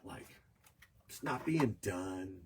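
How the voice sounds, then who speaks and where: A man in his fifties hosts a podcast, telling rambling, reflective stories in casual conversation. He has a low voice and speaks slowly but animatedly, with a crowd audible behind him.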